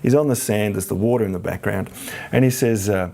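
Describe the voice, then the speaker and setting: A man's voice: fairly low pitch, brisk, vocal fry, warm tone. An Australian man hosting a podcast, explaining things with enthusiasm in casual talk. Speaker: podcast host.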